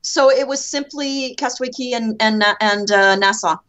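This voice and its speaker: A woman's voice: on the high side, normal speed, a bit bright, highs cut off. Chatty Canadian woman guest. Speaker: podcast guest. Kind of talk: casual podcast chat.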